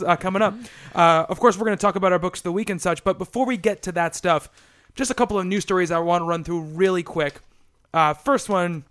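A man hosting a casual comics podcast, quick and joking, with lots of ums and restarts. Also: high-pitched, fairly bright tone, clean tone. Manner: quick, joking, filler-heavy delivery. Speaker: podcast host.

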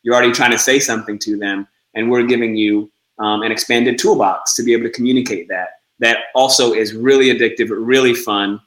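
A man's voice: medium pitch, fairly even intonation, brisk, few pauses, a bit bright, echoey room, rough recording. A man speaking as an interview guest, earnest and reflective, often repeating words as he works out his thoughts. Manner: earnest, repeats words while searching for ideas. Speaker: interview guest, project co-founder. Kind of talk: reflective conversational interview talk.

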